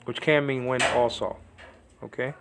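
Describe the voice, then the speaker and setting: A man's voice: medium pitch, steady tone, moderate pace, noisy background. A man teaching Greek letters at home in a casual, rambling way, often checking in with "okay?". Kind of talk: informal home video lesson.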